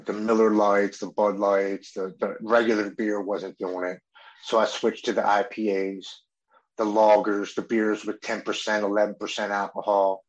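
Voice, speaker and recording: A man's voice: lowish voice, muffled recording. A man in his thirties earnestly telling his own story of addiction and recovery, often quoting what he said and thought. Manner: earnest, emotional storytelling with quoted inner speech. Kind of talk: personal recovery testimony.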